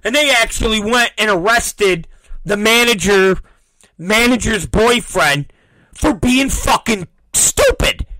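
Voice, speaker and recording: A man hosting a talk show, telling a story in a profane, animated rant and acting out the people in it. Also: high voice, slow pace, dry recording, low-quality recording. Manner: profane, acts out quoted voices. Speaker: podcast host.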